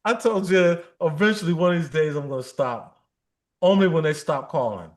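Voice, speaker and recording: A man with a high voice chats casually on a livestream. He tells jokey stories, mimics callers and laughs often. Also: moderate pace. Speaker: livestream co-host. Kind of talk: casual chat.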